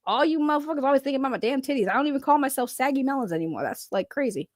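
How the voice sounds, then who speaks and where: A woman with a high voice hosts a casual reaction livestream. She rambles through chat messages in loose trash talk that often breaks into laughter. Her voice sounds close and dry. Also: lively intonation, rapid-fire, no room sound. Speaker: streamer.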